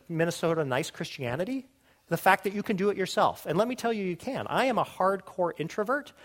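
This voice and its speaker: A male pastor delivers a sermon in a lively voice that swings widely in pitch. He sits a little above the usual male range and keeps asking the congregation questions. When he voices the words of Jesus, he drops to a quiet, hushed tone.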